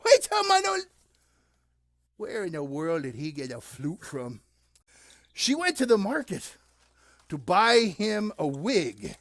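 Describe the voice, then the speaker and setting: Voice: medium pitch, sing-song, slow pace, gravelly, fairly bright tone, dry recording. Playful sing-song puppet show narrator.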